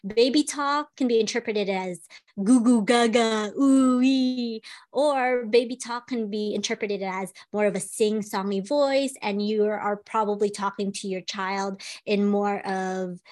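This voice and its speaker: A woman's voice: mid-range voice, fairly even intonation. Woman explaining child speech tips. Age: adult, a parent. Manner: explanatory, with frequent "um" pauses. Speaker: podcast host, speech-language pathologist. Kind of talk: casual educational podcast chat.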